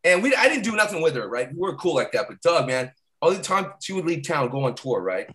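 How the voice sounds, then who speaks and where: Brief: male comic, slightly high voice, lively swings, loose rambling anecdotes, keeps asking "right?". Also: a little fast. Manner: rambling, constantly adds "right?"; laughs while telling stories. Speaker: stand-up comedian guest. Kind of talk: casual rambling storytelling.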